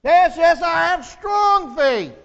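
A preacher voicing a frantic, high-pitched tourist dangling from a cliff. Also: male voice, expressive, slow, fairly bright tone, in a large hall, highs cut off, full character voice. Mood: frantic pleading.

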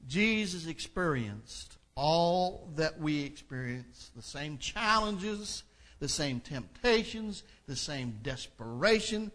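A man's voice: fairly high pitch, animated, takes it slowly, a bit bright. A man preaching a sermon, reading scripture aloud and then explaining it in an earnest delivery that builds in intensity. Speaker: pastor.

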